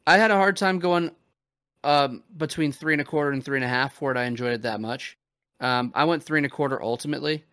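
A man's voice: medium pitch, fast talker, a bit bright, clear, resonant tone, no echo, clean studio sound. A man hosting a podcast, recapping a wrestling show in loose, profane casual chat full of fillers. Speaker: podcast host.

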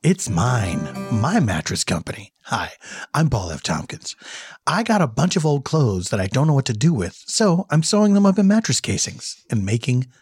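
A man doing a smug, low-voiced mattress pitchman. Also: big pitch swings, normal speed, darkish tone, husky, no echo, clean studio sound, faint music behind. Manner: low, smug ad-announcer delivery. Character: pompous male mattress-company pitchman.

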